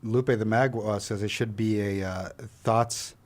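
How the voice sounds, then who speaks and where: A man's voice: on the low side, fairly even intonation, measured pace. A man co-hosting a live talk show, reading viewer comments aloud and laughing easily in casual chat. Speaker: co-host.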